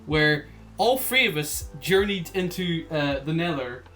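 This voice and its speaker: A young man with a notably high voice chimes into a podcast chat, giggling and restarting his sentences. Faint music runs beneath the conversation. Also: lively intonation, measured pace, sharp tone. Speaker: podcast co-host. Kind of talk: casual chat.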